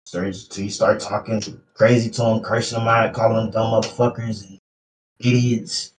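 A young man co-hosting a podcast, telling work stories in a casual, profane, animated way. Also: fairly low pitch, normal speed, a crowd in the background. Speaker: podcast co-host. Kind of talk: casual chat.

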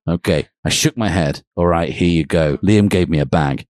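Low-voiced man reading fan fiction aloud. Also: normal speed, darkish tone, no echo, studio quality. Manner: mock-serious storytelling, breaks into laughter. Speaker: podcast co-host.

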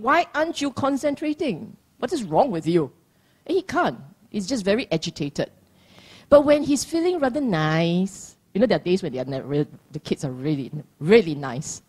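A woman's voice: mid-range voice, darkish tone, slightly rough. A middle-aged woman giving a dharma talk, playful and teasing, laughing often. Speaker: dharma teacher.

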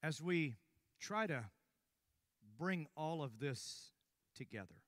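An older man preaching a sermon, telling a story with hushed stretches and sudden loud bursts. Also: a little high, lively intonation, slow pace, no echo, clean studio sound.

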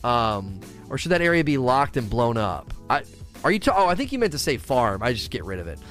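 Chatting and ranting with animation during a laid-back gaming stream, a man reads viewers' chat questions aloud and answers them. His mid-range voice runs a little fast, with faint music in the background.

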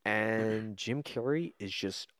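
A man co-hosting a casual podcast chat, excitable and prone to bursting into loud exclamations. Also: on the low side, slow pace, dry recording, clean studio sound. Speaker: podcast co-host.

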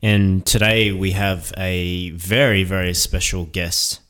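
A man co-hosting a podcast, chatting casually in a relaxed, rambling way with loose slang. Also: low voice, slow pace. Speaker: podcast co-host.

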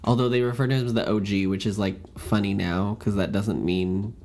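A man co-hosting a podcast, chatting casually about a film in an animated, jokey way. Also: fairly quick, a little hiss or hum. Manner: animated, jokey, with sudden pitch jumps. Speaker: podcast co-host. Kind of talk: casual film-review chat.

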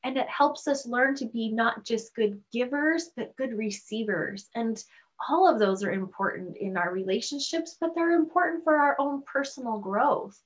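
A woman's voice: on the high side, moderate pace. A woman host interviewing a guest, affirming and reflective. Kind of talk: interview conversation.

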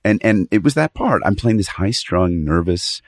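Deep-voiced man rambling animatedly. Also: expressive, normal speed, no echo, clean studio sound. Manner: rambling, self-interrupting, swears casually. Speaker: guest actor. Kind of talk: casual podcast conversation.

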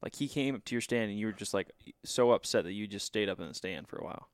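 A man's voice: on the low side, fast talker, smooth, no room sound, studio quality. A man hosting a podcast, prompting his guest and recapping parts of the story in a casual interview. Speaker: podcast host.

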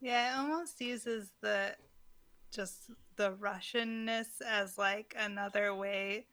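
Bright-voiced wry woman. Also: mid-range voice, fairly even intonation, takes it slowly, dry recording. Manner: wry, chatty, acts out quotes, frequent "like". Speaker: podcast co-host, movie reviewer. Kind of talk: casual movie discussion.

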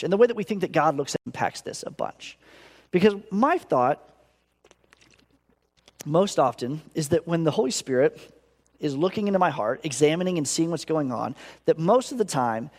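A male pastor preaching a sermon in an earnest, expressive way. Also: in a large hall. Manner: earnest, acts out inner voices with big pitch swings.

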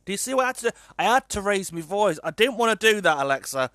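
Chatty, exasperated British vlogger. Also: male voice, sits high, lively intonation, fast, sharp tone, dry recording. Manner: chatty, exasperated, swears and laughs often. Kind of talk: casual chat to camera.

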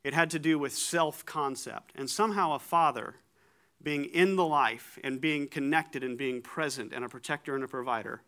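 A man giving a conversational sermon, animated and joking at his own expense, often repeating words as he starts a thought. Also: fairly high pitch, normal speed. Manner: animated, joking, self-deprecating.

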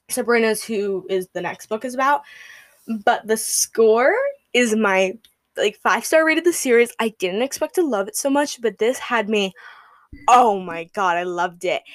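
A woman's voice: a little high, dry recording. Gushing young woman reviewing books. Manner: gushing, rambling with many fillers and "like". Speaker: podcast host. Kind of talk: casual book review chat.

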